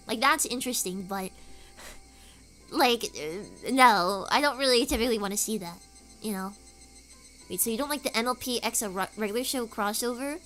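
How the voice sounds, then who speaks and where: Chatty higher-voiced woman streamer. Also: lively intonation, normal speed, a bit bright, faint music behind. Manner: rambling, filler-heavy storytelling. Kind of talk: casual stream chat.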